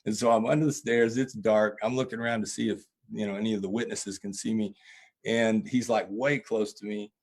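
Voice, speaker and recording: A man's voice: on the low side, a little fast. A man, a preacher and guest, telling earnest stories in an interview answer. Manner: earnest, animated storytelling with laughs.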